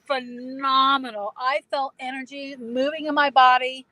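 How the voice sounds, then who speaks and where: A woman's voice: fairly high pitch, normal speed, fairly bright tone, no room sound, low-quality recording. A middle-aged woman with a New England accent, chatting casually as a guest, with lots of fillers and restarts. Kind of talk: casual video chat.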